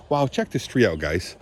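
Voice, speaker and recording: A man with a lingering cold giving a rambling, chatty outdoor walk-and-talk vlog on his farm, often clearing his throat and coughing. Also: on the low side, a little hiss or hum. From Southwest Michigan. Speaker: vlogger.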